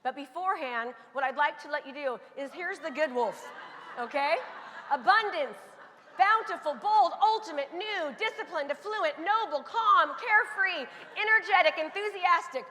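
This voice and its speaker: A bright, forceful woman delivers a motivational talk from a stage and leads the crowd in chants that she often shouts. Her voice sits high, and the recording carries the long reverb of a big hall. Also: normal speed. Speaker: motivational speaker.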